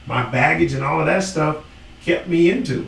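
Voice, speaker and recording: A man's voice: fairly high pitch, normal speed, creaky, fairly bright tone, recorded from a distance. A man co-hosting a ministry talk, reflective and confessional as he shares his testimony. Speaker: ministry co-host. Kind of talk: testimony-style faith talk. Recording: echoey room, away from the mic, faint hum.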